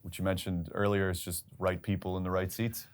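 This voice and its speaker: A man with a fairly low voice co-hosts a relaxed business chat. He mostly listens and chimes in with short agreeing replies and quick quips. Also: clear, resonant tone. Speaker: podcast co-host.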